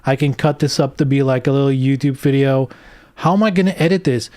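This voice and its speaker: A man's voice: mid-range voice, fairly quick, darkish tone. A man streaming live, reading game news aloud and ranting about it sarcastically, swearing often.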